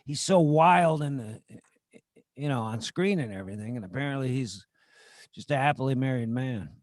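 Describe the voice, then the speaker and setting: A man co-hosting a casual chat over a video call. He guesses movie quotes, chatty and quick to laugh. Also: medium pitch, lively intonation, no echo. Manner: chatty, laughs between lines. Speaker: co-host.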